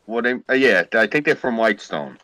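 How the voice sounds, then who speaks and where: A man's voice: lowish voice, big pitch swings, brisk, sharp tone, no room sound, low-quality recording. A man from Queens, telling rambling, profane stories as a podcast host in casual chat. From Queens, New York.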